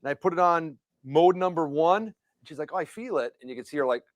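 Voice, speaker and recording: A middle-aged man with a slightly high voice, rambling through a story with lots of restarts. The sound is dry and close. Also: lively intonation, fast talker, no room sound. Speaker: co-host. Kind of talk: casual live show banter.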